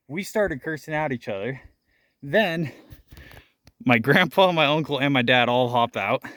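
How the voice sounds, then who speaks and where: A young male vlogger tells a story while hiking a rocky trail outdoors, laughing often and out of breath. His voice is medium-pitched, and the recording is dry.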